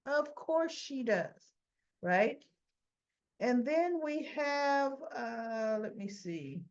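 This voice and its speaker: A woman's voice: high voice, lively intonation, drawn-out words, lo-fi sound. A woman hosting a casual soap opera recap, chatty and opinionated, with many restarts.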